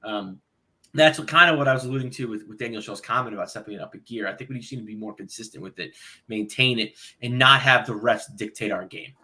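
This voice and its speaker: A man's voice: mid-range voice, fast talker, sharp tone. A man on a panel, talking football in a blunt, fired-up way and swearing freely. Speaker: podcast panelist. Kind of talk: casual football chat.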